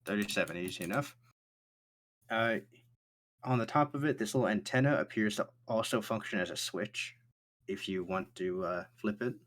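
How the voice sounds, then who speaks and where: A man narrating a tabletop game as game master, describing things quickly with frequent fillers. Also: fairly low pitch, a bit bright.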